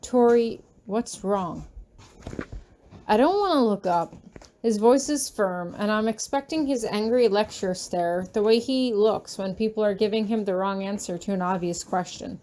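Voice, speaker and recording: A woman reading her fan fiction aloud in the first person, soft and anxious in tone. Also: mid-range voice, normal speed. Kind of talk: first-person audiobook narration.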